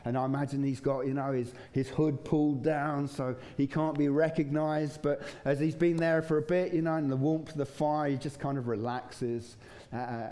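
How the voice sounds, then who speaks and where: Male pastor, warm low-key sermon delivery, relaxed and chatty. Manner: conversational, chuckling, acts out voices in stories. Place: church.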